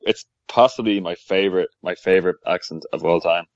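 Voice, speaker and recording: A man's voice: low voice, a little fast, no echo. A man chatting casually on a podcast, laughing and easily amused. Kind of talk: casual chat. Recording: dry, dull lo-fi audio.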